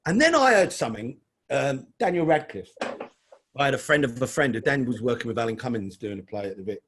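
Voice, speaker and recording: A man's voice: mid-range voice, animated, fairly quick, a bit bright, a little hiss or hum. A middle-aged man, telling stories as an interview guest in a chatty way. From London. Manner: chatty, calls the host mate. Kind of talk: casual storytelling.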